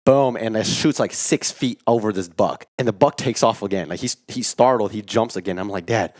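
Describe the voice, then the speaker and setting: A man co-hosting a podcast, telling a story in casual chat, animated and full of "like", acting out what people said. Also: lowish voice, normal speed, few pauses, no echo, studio quality. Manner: animated storyteller, acts out quotes, says "like" a lot. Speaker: podcast co-host.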